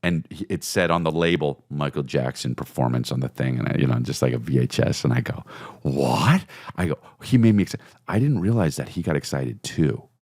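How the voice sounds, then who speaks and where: A man in his forties, a podcast host telling a casual comedic story about his kids, with sudden high-pitched bursts and lots of swearing. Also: expressive, a little fast, hardly any pauses, a little mellow, dry recording, clean studio sound.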